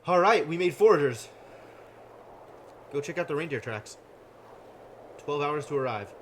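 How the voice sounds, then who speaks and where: A man narrating his own live strategy-game session, reasoning out loud and tossing in dry, wry asides. His pitch swings widely as he talks, and his voice has a bright, crisp edge. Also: measured pace, slight background noise. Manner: thinking aloud, wry and deadpan asides. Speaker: game streamer. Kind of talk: live gameplay commentary.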